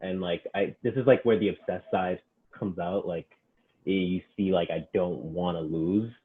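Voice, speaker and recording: A low-pitched man speaks over a thin, phone-like connection. He is a personal trainer chatting casually as a podcast guest, retelling what clients said in a running, conversational way. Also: steady tone, normal speed. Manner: retells client stories, quoting them with many "he's like". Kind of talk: casual storytelling interview. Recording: tinny phone-like line.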